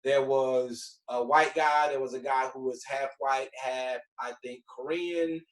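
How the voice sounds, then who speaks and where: This clip features a TV writer in his forties with a Southern US accent, casually swapping career stories with a group in a loose, meandering style packed with "like." He speaks in a mid-range voice at a measured pace, and his intonation stays fairly even. The sound quality is poor and roomy.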